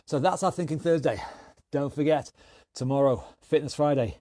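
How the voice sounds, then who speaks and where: A man coaching an online workout class, energetic and encouraging as he calls out moves, slightly out of breath. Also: fairly high pitch, normal speed, no room sound. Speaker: fitness instructor.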